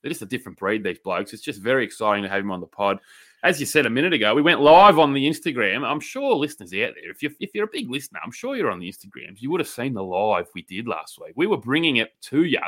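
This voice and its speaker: Australian male co-host, bright-toned, cocky banter. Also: mid-range voice, sing-song, fast talker. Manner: brash, jokey, boastful with slang. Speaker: podcast co-host. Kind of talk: casual podcast banter.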